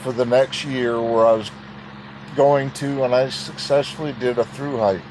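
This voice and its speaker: A man's voice: medium pitch, steady tone, normal speed, a little mellow, a little hiss or hum, poor audio. A man telling a personal story in a folksy, plain-spoken way.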